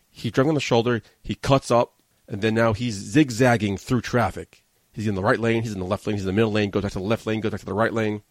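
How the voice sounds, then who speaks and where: A man with a low, gravelly voice rushes through a profane, agitated rant in a podcast studio. He rambles along with plenty of swearing. The sound is dry and close, with no room echo. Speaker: podcast host. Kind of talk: casual storytelling rant.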